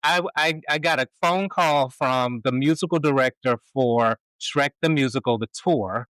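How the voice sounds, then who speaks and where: A male podcast host, an animated storyteller who laughs often while chatting casually. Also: mid-range voice, normal speed, no room sound, low-quality recording. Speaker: stage performer. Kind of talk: casual conversation.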